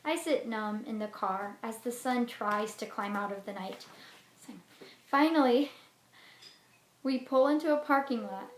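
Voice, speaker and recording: A woman teacher reading a children's book aloud in an expressive way, then explaining class activities. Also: on the high side. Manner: expressive storybook reading with lively swings. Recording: roomy echo with faint noise.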